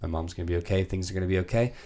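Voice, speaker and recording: A man's voice: low voice, very fast, mellow. A man hosting a podcast, reflective and casual, with frequent restarts. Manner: reflective, repeats himself with restarts. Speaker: podcast host. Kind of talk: casual interview questions.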